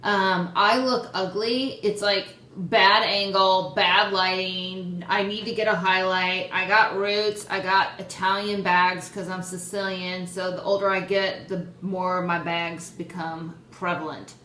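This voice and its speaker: A young woman hosting her own vlog, chatting excitedly and poking fun at herself. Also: medium pitch, unhurried, few pauses. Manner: excitable, chatty, self-deprecating. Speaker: host. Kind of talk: casual vlog chat. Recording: roomy echo, faint background noise.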